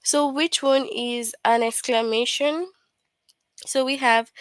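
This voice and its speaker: A woman's voice: on the high side, measured pace, a bit bright, no room sound. A young woman teaching a grammar lesson to young children, patiently repeating points and asking questions she then answers herself.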